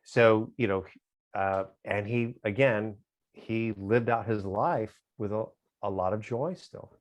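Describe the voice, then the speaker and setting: Halting, reflective middle-aged man. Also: fairly low pitch. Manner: smiles a lot, halting and reflective. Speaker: interview guest. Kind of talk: casual interview talk.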